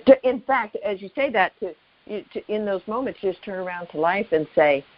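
Reflective woman on a radio call-in, lively melodic delivery, muffled broadcast sound. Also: a little fast. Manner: musing, laughs often, lively pitch.

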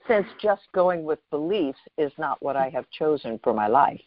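A show host reflecting slowly and thoughtfully, often pausing to find the next phrase. The voice sits in a middle register, recorded close and dry with a slightly muffled, lo-fi sound. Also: mid-range voice, animated, no room sound. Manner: thoughtful, searching, halting phrasing. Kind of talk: reflective spiritual talk.

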